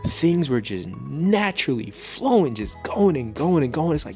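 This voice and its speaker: A man's voice: mid-range voice, big pitch swings, moderate pace, few pauses, a little mellow. A man giving a personal faith testimony to camera, earnest and reflective, repeating phrases as he builds feeling, over faint music. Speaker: faith vlogger sharing a testimony.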